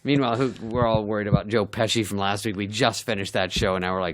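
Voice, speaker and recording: A man's voice: lowish voice, fairly even intonation, fast, a bit bright. A middle-aged man telling comic stories on a podcast, swearing and mimicking people as he laughs along. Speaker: podcast guest, comedian. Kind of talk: casual storytelling chat.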